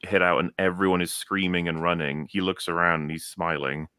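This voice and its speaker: A deep-voiced man chatting on a panel show, animated and blunt, with the odd casual curse thrown in. His voice sounds very dry and close, with no room echo at all. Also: fairly quick, clean tone.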